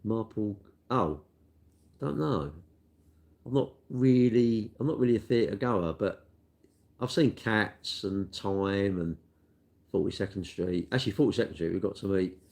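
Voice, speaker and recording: A man's voice: lowish voice, unhurried, creaky, darkish tone. An older man, chatting casually and rambling in a self-deprecating, matey way while answering viewer questions. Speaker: cake shop worker answering viewer questions. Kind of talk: casual chat.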